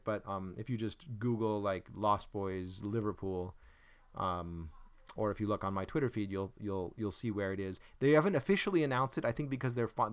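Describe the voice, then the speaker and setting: A man with a smooth, resonant voice, hosting a relaxed conversation. He rambles, trails off while he hunts for the right word, and pokes fun at himself. His voice sits on the low side. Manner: rambling, searches for words, self-deprecating jokes. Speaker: podcast host. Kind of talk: casual chat.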